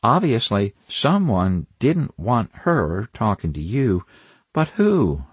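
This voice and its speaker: A man's voice: lowish voice, very animated, slow, husky, no room sound, heavily acted. A man voicing an anxious female police detective who fires off urgent questions. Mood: gloomy.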